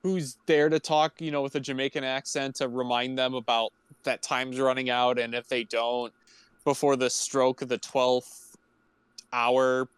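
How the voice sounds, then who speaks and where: A man co-hosting a podcast, summarizing a movie plot in halting casual chat with many fillers. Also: mid-range voice, level tone, clear, resonant tone, no room sound. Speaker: podcast co-host.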